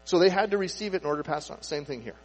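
A man preaching a sermon in a relaxed, conversational way, asking rhetorical questions and acting out people's inner thoughts. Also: a little high, racing, husky. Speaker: pastor. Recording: echoey hall with faint mains hum. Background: faint mains hum.

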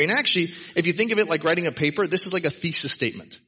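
Guy preaching a laid-back sermon to a church crowd, bright slightly husky voice, keeps asking right?. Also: sits high, lively intonation, very fast, few pauses. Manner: emphatic, informal, frequent "right?" asides. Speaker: pastor. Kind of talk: conversational sermon. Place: church service before a congregation.

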